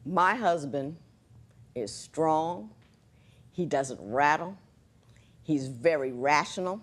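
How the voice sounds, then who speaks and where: Middle-aged woman judge, lectures sternly on a TV court show, animated delivery. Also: deep voice, takes it slowly.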